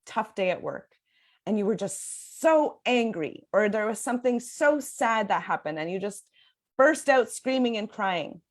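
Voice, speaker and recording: Young adult woman coach, mid-pitched, earnest and flowing, quick to laugh. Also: expressive. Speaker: parenting sleep coach guest. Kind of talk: podcast conversation.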